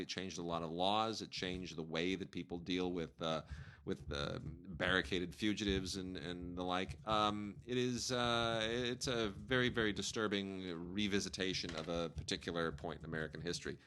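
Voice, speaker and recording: A man's voice: sits low, a bit bright, clean tone. A man co-hosting a podcast, talking casually about documentaries with lots of fillers and restarts. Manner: rambling, many fillers and restarts. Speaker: podcast co-host reviewing home video releases.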